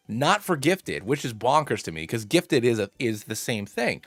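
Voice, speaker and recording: A man streaming a game live, rambling through his moves and excitedly thanking viewers by name. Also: medium pitch, normal speed, few pauses, no room sound, clean studio sound, soft background music. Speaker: streamer playing a fusion monster game. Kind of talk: casual live-stream chat and game commentary.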